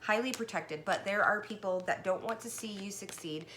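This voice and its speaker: A woman giving a casual tarot reading, chatty and excited, talking straight to the viewer and a little out of breath. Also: medium pitch, normal speed, a little hiss or hum. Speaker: tarot card reader.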